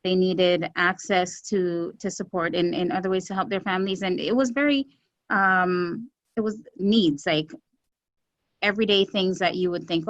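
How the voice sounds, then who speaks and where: An earnest woman with a lowish voice speaks as a guest on a podcast, measured and steady, with frequent pauses and fillers. The audio is muffled and dry, with no room sound at all. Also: no echo. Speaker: executive director of a community health center, guest. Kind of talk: podcast interview answers.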